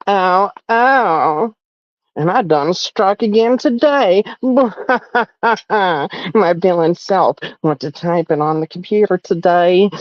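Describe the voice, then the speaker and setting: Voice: medium pitch, dry recording, highs cut off, close to an everyday voice. A livestreamer voicing a nasal, congested, boastful male online troll in a mocking sing-song parody.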